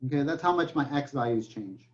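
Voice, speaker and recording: A man's voice: mid-range voice, expressive, fairly quick, highs cut off. A man teaching a recorded math lecture, joking in asides and saying okay often. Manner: joking asides, many okays. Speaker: math professor.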